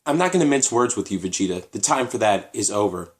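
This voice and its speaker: A man's voice: lowish voice, expressive, quick pace, voice pushed down, natural voice. A man voicing a blunt, matter-of-fact male warrior mentor. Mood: grave.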